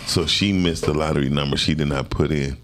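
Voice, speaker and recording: A man co-hosting a morning talk show, telling a personal story in a casual, animated way and acting out other people's voices. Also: a bass voice, brisk, a little hiss or hum. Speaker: co-host.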